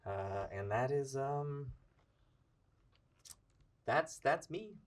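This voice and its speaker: A man calmly playing a tabletop card game, explaining his moves with many fillers and pauses. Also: medium pitch, recorded from a distance. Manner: halting, counts aloud, many fillers. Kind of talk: casual tabletop play.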